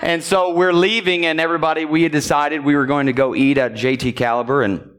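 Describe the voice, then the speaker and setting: A man's voice: fairly high pitch, fairly even intonation, fairly quick, a bit bright, clear, resonant tone. A man preaching a sermon in a church, telling a personal story in a loose, conversational way, often checking in with the congregation and chuckling as he goes. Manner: chuckles while telling stories. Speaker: pastor. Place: church sanctuary.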